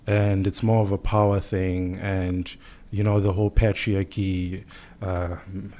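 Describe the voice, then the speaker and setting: Calm and measured, a doctor with a low voice explains things as a guest in a radio podcast interview, saying "you know" often.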